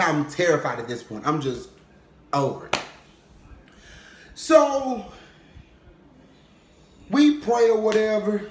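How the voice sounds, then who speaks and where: A young man telling a funny personal story in casual vlog style, animated and comic, often checking in with "okay?". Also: on the high side. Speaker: vlogger. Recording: roomy echo.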